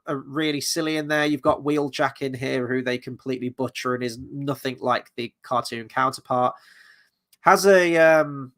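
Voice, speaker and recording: Guy rambling thru a movie review, bit of vocal fry, lots of ums and restarts. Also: mid-range voice, a bit bright. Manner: rambling, hesitant, self-correcting with many fillers. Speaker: film reviewer. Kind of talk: casual spoken film review.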